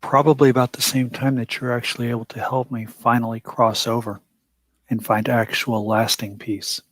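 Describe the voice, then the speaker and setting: A man playing a character in a tabletop role-playing game, speaking calmly and dryly in first person. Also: mid-range voice, moderate pace, no echo, clean studio sound. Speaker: player.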